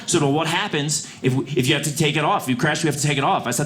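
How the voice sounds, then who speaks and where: A man performing a stand-up comedy set on a club stage, swinging between quiet deadpan and loud outbursts. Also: on the high side, fast, hardly any pauses. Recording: live show with audible audience noise.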